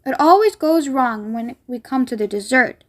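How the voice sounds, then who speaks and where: An eccentric candy maker from a storybook, gentle and fretful, sighing over his inventions, as a woman reading aloud puts him on. The voice sits high. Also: animated, moderate pace. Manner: gentle, fretful, hand-wringing.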